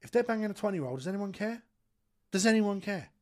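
A man in his thirties hosts a casual studio podcast. He talks in blunt, sweary, animated banter with a slightly high voice. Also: fast talker. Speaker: podcast host. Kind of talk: casual chat.

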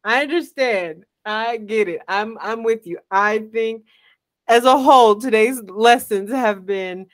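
A woman co-hosting a podcast, telling stories in an animated way, laughing often and swearing in casual chat. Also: a little high, a little slow. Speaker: podcast co-host.

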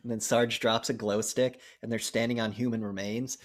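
Profane, animated man recapping a movie. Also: medium pitch, normal speed. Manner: profane, animated retelling with acted-out lines. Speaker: movie review podcast co-host. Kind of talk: casual chat recapping a movie.

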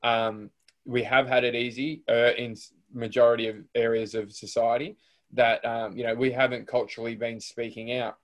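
A man's voice: mid-range voice, little pitch movement, normal speed. Aussie host guy, mid voice, rambles and restarts a lot. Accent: Australian. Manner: rambling, lots of fillers and restarts. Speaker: podcast host. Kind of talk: casual interview chat.

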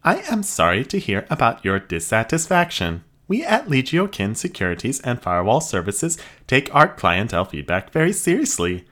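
A woman's voice: very deep voice, sing-song, normal speed, hardly any pauses, fairly bright tone, voice pushed up, full character voice. A man voicing a prim female security robot that speaks in stiff, formal customer-service phrases. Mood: politely robotic. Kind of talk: audiobook character voice.

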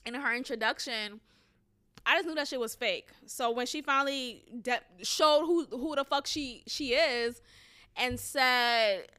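A woman in her thirties, an educator, telling a story in a casual vlog, venting in an animated way with lots of fillers and some swearing. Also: fairly high pitch, smooth.

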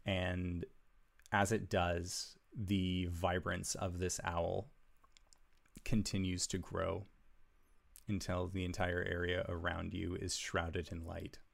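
A man running a tabletop game, unfolding the scene in a slow, measured, hushed storyteller's voice. His pitch is very low with a gravelly creak, and his delivery stays flat and even. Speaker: game master.

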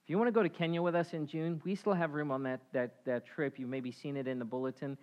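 A man preaching a sermon as pastor, swinging between loud emphatic calls and quiet asides. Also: fairly high pitch, steady tone, quick pace, muffled recording.

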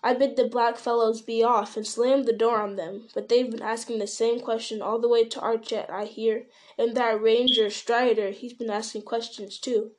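A woman's voice: a little high, little pitch movement, moderate pace, close to an everyday voice. Woman reader voicing a middle-aged male innkeeper: nervous, gossipy, rambling, storybook tone. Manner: rambling, fretful. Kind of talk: storybook reading.

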